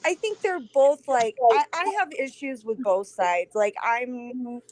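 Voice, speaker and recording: A woman's voice: on the high side, unhurried, darkish tone, dry recording. Give me a laughing, chatty woman guest on a video call. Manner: chatty, apologetic, laughs often. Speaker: guest, host of a politics show. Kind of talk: casual online show chat. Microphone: computer mic on a video call.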